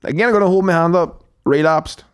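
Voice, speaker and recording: A Northern Irish comedian trading stories on a podcast, rambling from one anecdote to the next and swearing as he goes. His voice sits a touch higher than most men's. The talk is loose, casual and unscripted. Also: brisk, clear, resonant tone.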